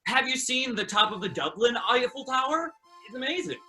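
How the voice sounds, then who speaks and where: Improv player on a video call, very bright, animated man's voice that swoops around. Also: very high voice, a little fast, soft background music. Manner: animated, blustery. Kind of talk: improvised comedy scene.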